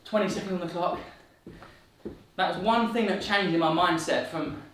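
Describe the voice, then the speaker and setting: His voice sits high and a bit bright at a moderate pace as this fitness coach guides a workout, cheerfully encouraging and counting reps while slightly winded. He's off-mic and far away in a very echoey room, with a little hiss or hum on the audio.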